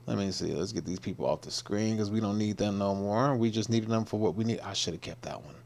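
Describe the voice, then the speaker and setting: A man's voice: fairly low pitch, quick pace, vocal fry, darkish tone. A man hosting a casual livestream, joking in loose slang about gym clips, then giving a pep talk. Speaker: livestream host and fitness coach.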